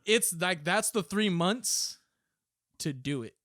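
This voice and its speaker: Profane, laughing former Marine storyteller. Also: male voice, high voice, lively intonation, slow, dry recording, clean studio sound. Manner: profane, laughing, acts out drill instructors loudly. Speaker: podcast guest, former Marine. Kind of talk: casual storytelling chat.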